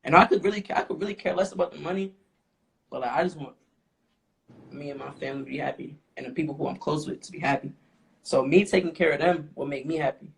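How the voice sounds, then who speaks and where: A young man, a rapper guest, talking casually and haltingly with lots of fillers. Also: a little high, vocal fry. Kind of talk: casual interview talk. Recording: faint background noise.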